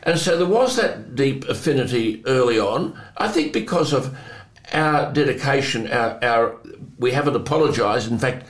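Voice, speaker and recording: An older man hosts a talk show and tells his anecdotes at an easy, chatty pace. He chuckles often and drops quick asides as he goes. The sound is roomy and echoey. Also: mid-range voice, expressive. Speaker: host. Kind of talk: conversational storytelling.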